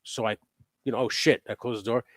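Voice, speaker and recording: A man hosting a casual live chat from his workshop, telling profane, animated stories. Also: lowish voice, quick pace, dry recording. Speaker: host. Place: home workshop.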